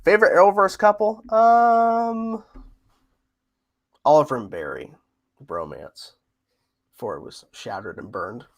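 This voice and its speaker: A man chats casually on a livestream, answering viewer questions. His voice sits a little high for a man. He laughs often and tends to repeat his phrases. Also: animated, a little slow, pauses often. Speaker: livestream host.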